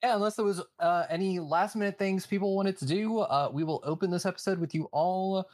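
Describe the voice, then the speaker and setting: A game master narrating a tabletop game scene, halting with many ums and uhs. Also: medium pitch, a little mellow.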